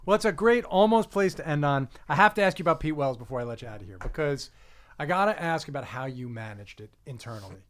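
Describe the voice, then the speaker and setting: A man with a slightly raised voice hosts a relaxed interview. He asks questions eagerly and plainly, with the odd swear word. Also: a little high, fast. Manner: eager, frank, swears freely. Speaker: interview host. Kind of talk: casual interview.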